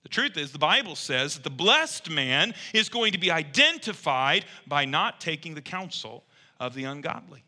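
A man preaching a sermon as pastor, shifting between conversational asides and emphatic, loud bursts. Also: a little high, sing-song, normal speed. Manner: conversational, quotes imagined listeners.

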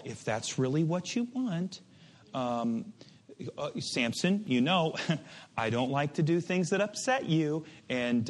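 A man voicing a meek older father who gives in to his son, halting and hesitant. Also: a little high. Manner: hesitant, halting, with filler words.

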